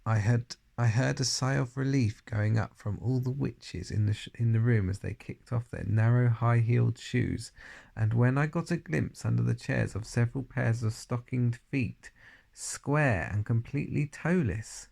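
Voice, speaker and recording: A man's voice: medium pitch, moderate pace, creaky, darkish tone. A man reading a children's novel aloud in the first person, with dramatic emphasis. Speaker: audiobook reader.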